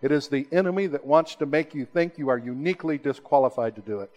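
A man preaching a sermon, rising to emphatic high peaks and then dropping to slow, hushed, low lines. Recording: long hall reverb.

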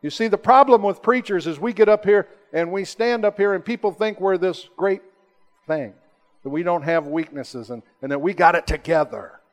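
A man preaching a sermon, rising to emphatic high peaks and then dropping to slow, hushed, low lines. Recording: long hall reverb.

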